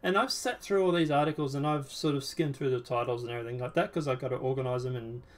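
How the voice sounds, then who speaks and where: A man's voice: mid-range voice, fast talker. A man hosting a casual political chat show, talking in a rambling, sarcastic, emphatic way. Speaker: show host.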